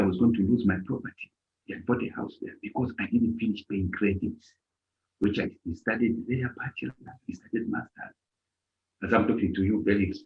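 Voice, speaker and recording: A man with a fairly low voice gives an informal motivational talk on a live stream, advising volunteers. He lives in Germany and tells stories in an animated, emphatic way full of repetition, and the stream audio is dull and lo-fi.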